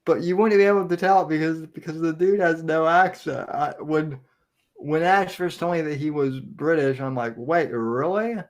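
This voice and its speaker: A man's voice: on the high side, fairly even intonation, moderate pace. A man co-hosting a podcast, chatting casually and often restarting his sentences. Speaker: podcast co-host.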